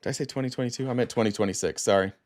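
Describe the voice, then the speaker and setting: A man's voice: medium pitch, very fast, darkish tone. A man hosts a live stream in an easygoing, casual way. He talks loosely, swears here and there and keeps things moving. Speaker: host.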